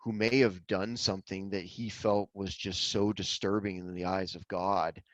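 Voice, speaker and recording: Man podcast co-host, fairly low voice, dry close sound, earnest and halting film talk. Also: level tone, no room sound, dull audio. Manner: earnest, repeats words as he gathers thoughts. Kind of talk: casual film discussion.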